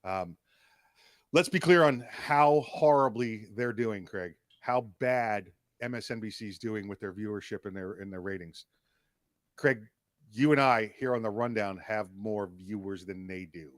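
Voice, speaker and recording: Young new york guy co-hosting, animated, dry close sound. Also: on the low side, a little slow, dry recording. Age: young adult. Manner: animated, repeats words when starting. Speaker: podcast co-host. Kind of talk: casual political chat.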